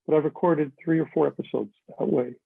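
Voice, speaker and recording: A man's voice: on the high side, steady tone, a little fast, vocal fry. An older man chatting as a guest, telling stories animatedly and slipping into other voices for quotes. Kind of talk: casual storytelling chat. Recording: dry, tinny phone-like line.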